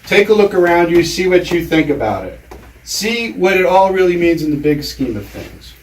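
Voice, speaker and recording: A man giving a storytelling lecture in a measured way with deliberate pauses, in a lecture room. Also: high-pitched, sing-song, slight background noise. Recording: roomy hall, mic far off.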